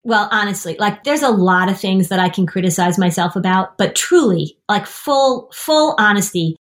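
A woman's voice: medium pitch, normal speed. Brief: woman in her fifties, therapist host, plain explanatory podcast talk. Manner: explanatory, acts out parents and kids in lively voices. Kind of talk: casual podcast chat.

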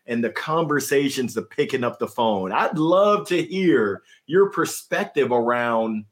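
A man's voice: mid-range voice, expressive, unhurried. A man with a Southern US accent hosting a podcast, reacting to his guest with effusive, exclamatory enthusiasm. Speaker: podcast host. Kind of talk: enthusiastic interviewer chat.

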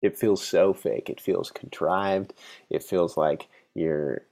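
A man with a very low voice and a gravelly edge to it hosts a solo podcast. He talks off the cuff in a frank, rambling way, restarting his sentences often and swearing now and then. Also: steady tone, takes it slowly, darkish tone. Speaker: podcast host. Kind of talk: unscripted solo podcast monologue.

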